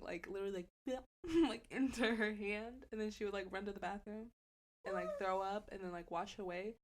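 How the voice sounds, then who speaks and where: Young woman telling a wild story. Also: medium pitch. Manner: animated storytelling, acts out quotes, frequent swearing and slang. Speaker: podcast co-host. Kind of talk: casual storytelling chat.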